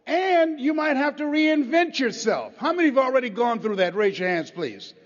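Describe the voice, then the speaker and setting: A man's voice: very high-pitched, big pitch swings, normal speed. A man giving a rousing motivational speech to a live audience, leading them in call-and-response. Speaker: motivational speaker. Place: large hall with a live audience. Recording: echoey hall, dull lo-fi sound.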